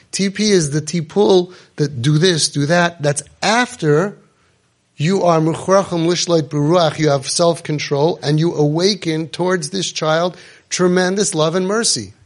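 A man with a somewhat high voice holds forth before a gathered group of parents. He talks in a preachy, emphatic way and drops Hebrew and Yiddish words into his English. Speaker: parenting coach and podcast host. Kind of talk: impassioned talk to a live group.

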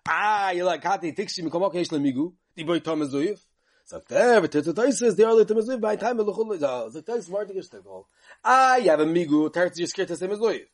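A Talmud teacher whose voice sits high lectures animatedly in the yeshiva style. Expect a sing-song learning chant, brisk side remarks, and rhetorical questions.

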